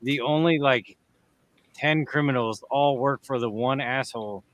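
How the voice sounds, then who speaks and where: Bright-voiced man with wry asides. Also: medium pitch, unhurried. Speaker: podcast co-host. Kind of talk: casual movie review chat.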